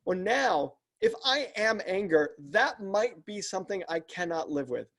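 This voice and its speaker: As a guest on a podcast, a man explains his coaching work in a fairly high, bright-toned, sing-song voice, speaking a little slowly. He lays things out earnestly and methodically in interview-style explanation, often looping back and restarting sentences while developing his points.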